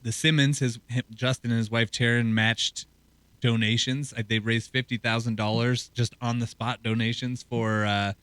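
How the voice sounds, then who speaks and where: A man co-hosting a sports talk show as a hockey reporter, talking in a loose, rambling way with a hoarse, scratchy throat. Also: medium pitch, flat delivery, moderate pace, fairly bright tone, dry recording. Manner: loose, rambling conversational delivery.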